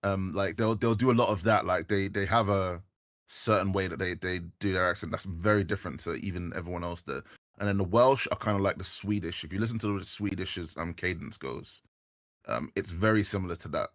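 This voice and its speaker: Low, bright-toned London man, loose rambling chat, dry close mic. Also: a little fast, no room sound. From England. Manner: rambling, full of fillers and restarts. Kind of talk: casual livestream chat.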